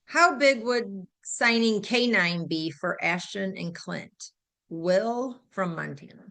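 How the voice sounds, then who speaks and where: Brisk woman reading viewer questions. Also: medium pitch, expressive, fairly bright tone. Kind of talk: casual live-show chat.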